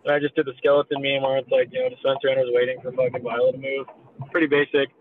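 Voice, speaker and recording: A man in his thirties, a meme creator appearing as a guest, tells a story in a laid-back, profane, casual way. His mid-range voice is level and very fast, coming over a tinny phone line with a little hiss or hum.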